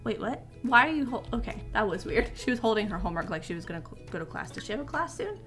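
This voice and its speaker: A woman giving casual let's-play commentary, chatty and excitable as she reacts aloud to the game. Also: on the high side, fast, faint music behind. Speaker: gaming video creator.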